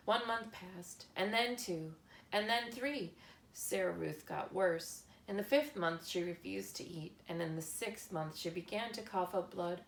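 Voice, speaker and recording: A woman narrating a children's novel chapter in a slow, measured reading style. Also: lowish voice, gravelly, a little hiss or hum. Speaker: audiobook narrator. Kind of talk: scripted narration. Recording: echoey room with faint ambience.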